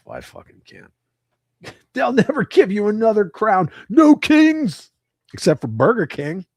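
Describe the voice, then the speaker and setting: A man's voice: lowish voice, dry recording, clean studio sound. A man hosting a livestream, joking around and swearing freely while chatting with viewers from home. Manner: profane, joking banter. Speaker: livestream host. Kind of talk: casual chat with live viewers. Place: at home with his cats.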